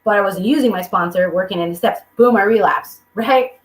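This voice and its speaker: At a recovery meeting over video call, a woman tells her story with candor and humor, voicing the other people in it with lively quotes. She talks fairly quickly at a medium pitch, and the audio is poor and reverberant.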